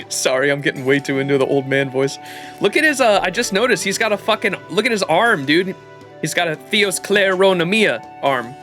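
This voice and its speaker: A man's voice: high-pitched, lively intonation, fairly quick, a bit bright, faint music behind. A young man streaming a game live, chatting casually, laughing and reading dialogue aloud. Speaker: gaming streamer. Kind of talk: live game playthrough commentary.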